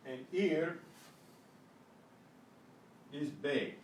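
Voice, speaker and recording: Slow older man teaching in echoey room. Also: a little high, expressive. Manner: slow, patient, clears throat often. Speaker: Spanish teacher. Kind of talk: teaching a language class. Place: classroom at a senior center. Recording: echoey room, mic at a distance, faint noise.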